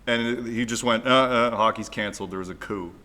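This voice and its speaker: A man's voice: medium pitch, brisk, bright, forceful tone. A man from Canada co-hosting a casual podcast, telling anecdotes in a laid-back, jokey way. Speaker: podcast co-host. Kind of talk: casual chat.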